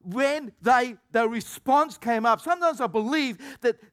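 A man preaching a sermon as pastor, animated, acting out quoted voices and swinging between shouted lines and low asides. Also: measured pace, clean tone.

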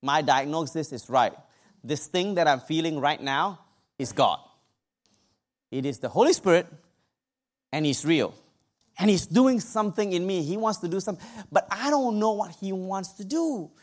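A man's voice: high voice, moderate pace, long pauses. A man preaching a sermon, telling a personal story with humor and asides to his congregation. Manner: humorous, animated testimony with asides to the audience.

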